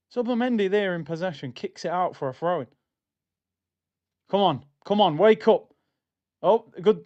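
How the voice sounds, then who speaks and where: A man's voice: high-pitched, muffled recording. A young man hosting a live football watchalong, talking in slangy, exasperated banter about the match.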